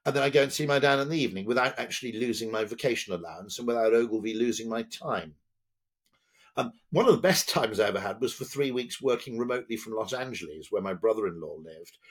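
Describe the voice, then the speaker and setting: Older british man, husky, lively swooping pitch, digressive, keeps asking okay?. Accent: British English. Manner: animated, digressive, tags lines with "okay?". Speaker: guest, advertising executive. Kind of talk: lively podcast conversation.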